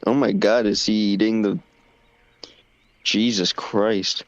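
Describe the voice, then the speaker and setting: A man's voice: lowish voice, little pitch movement, takes it slowly, no room sound, highs cut off. A man co-hosting a stream, chatting casually over gameplay, easily distracted and swearing freely. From United States. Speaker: stream co-host.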